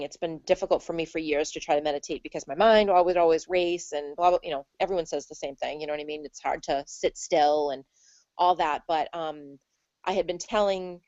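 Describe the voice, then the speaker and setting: Chatty woman medium as interview guest, animated storyteller, muffled dry audio. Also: on the low side, no echo. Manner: chatty, animated, acts out her own reactions. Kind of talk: casual interview chat.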